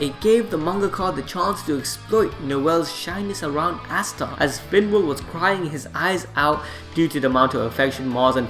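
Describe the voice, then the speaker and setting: A man with a high voice narrates a scripted anime breakdown. His delivery is casual and sarcastic, with slang and the occasional curse. Soft music plays faintly behind him. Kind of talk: scripted voice-over commentary. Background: faint background music.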